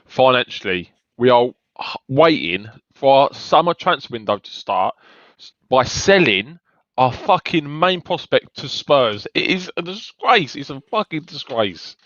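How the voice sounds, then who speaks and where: A mid-pitched man, indignant and stumbling as he vents about his football club. The sound is dry and a little dull. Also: sing-song, a little slow, fairly bright tone, no room sound. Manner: indignant, stumbles and restarts when worked up. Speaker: fan channel co-host. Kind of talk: heated football fan discussion.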